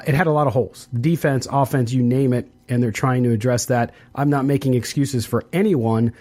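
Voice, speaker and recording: A middle-aged man hosts a sports podcast in a relaxed, conversational way. He runs through sponsor thanks at a quick clip, then settles into casual opinion talk. His voice sits at an ordinary pitch for a man. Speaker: podcast host.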